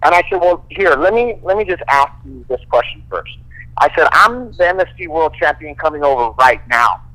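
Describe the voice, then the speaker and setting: A man, a fighter guest, casually telling profane, animated stories full of quoted dialogue. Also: fairly high pitch, a little fast, low-quality recording. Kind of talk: casual storytelling.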